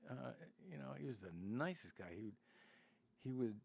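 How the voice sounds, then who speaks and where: A man's voice: medium pitch, expressive, normal speed, gravelly, darkish tone. An older man telling rambling stories as a podcast guest, full of restarts and asides. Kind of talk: casual storytelling.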